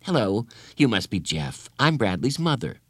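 A man voicing a patient, kindly mother in an audiobook, speaking softly. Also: lowish voice, sing-song, moderate pace, no room sound, studio quality. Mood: gentle.

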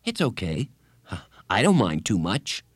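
A man voicing a gentle, earnest young schoolboy who speaks mildly and reasonably. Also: fairly low pitch, huge pitch swings, measured pace, breathy edge, no echo, clean studio sound, exaggerated voice. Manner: mild, reasonable, soft-spoken.

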